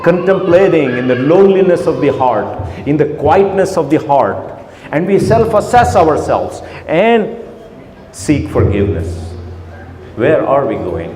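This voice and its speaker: A man's voice: mid-range voice, slight background noise. Man preaching in echoey hall. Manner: rhetorical, repeated questions, drops to soft tones. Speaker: speaker at a community iftar gathering. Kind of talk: religious talk to a gathering. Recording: echoey hall with faint ambience.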